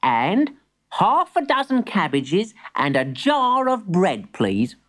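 A woman's voice: medium pitch, wildly swooping pitch, takes it slowly, pitched above the performer's own voice. A woman voicing a polite, earnest little boy who does his granny's shopping in a storybook. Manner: eager and polite. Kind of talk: storybook character voice.

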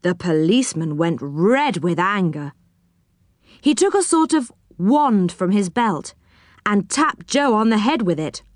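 Expressive woman reading a children's story. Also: measured pace, dry recording, studio quality. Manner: expressive, dropping low for speech tags.

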